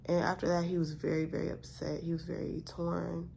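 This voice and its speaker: A woman's voice: lowish voice, level tone, a little fast, gravelly, a little mellow, a little hiss or hum. A young woman vlogger telling a story in a casual, exasperated way, full of rhetorical questions.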